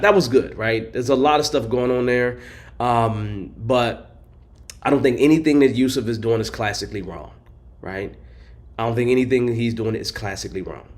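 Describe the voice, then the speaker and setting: A hoarse man hosts a casual live show, sitting at a middling pitch. He coaches a guest in a friendly, encouraging way and keeps clearing his throat. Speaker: host and agile coach.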